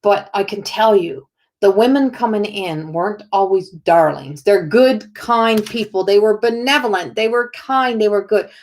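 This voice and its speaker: A woman's voice: medium pitch, unhurried, darkish tone. A woman giving a spontaneous oracle card reading as a psychic medium, rambling with lots of "like" and restarts as she relays what a spirit tells her.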